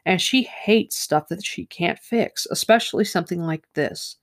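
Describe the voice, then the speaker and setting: A man casually breaking down a fantasy novel, speaking bluntly and swearing freely, and reading passages aloud. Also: a little high. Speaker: book discussion host. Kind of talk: casual book discussion with read-aloud passages.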